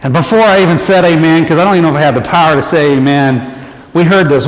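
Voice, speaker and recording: A man giving an animated testimony in church, telling a story and acting out the voices of the people in it. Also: on the high side, fast. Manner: acts out quoted people with lively raised voice, laughs often. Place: church sanctuary. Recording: echoey church hall, faint noise.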